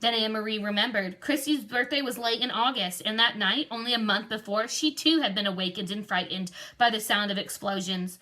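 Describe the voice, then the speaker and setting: A woman's voice: medium pitch, brisk, hardly any pauses, pushed and bright. A woman reading a children's novel aloud expressively, with occasional slips and restarts. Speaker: reader.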